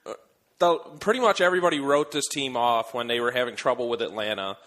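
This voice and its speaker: A man's voice: mid-range voice, fast talker, a bit bright. A young man from Rochester co-hosting a sports radio show, teasing and opinionated in casual banter. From Rochester, New York. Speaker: radio co-host.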